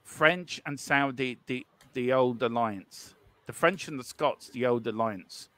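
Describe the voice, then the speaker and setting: A man's voice: medium pitch, a little slow, a bit bright, no echo. Teasing Irishman from Cork, dry close sound. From Ireland. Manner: teasing, laughing, rambling with many fillers. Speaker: co-host of a football watchalong stream. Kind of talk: casual live-stream banter.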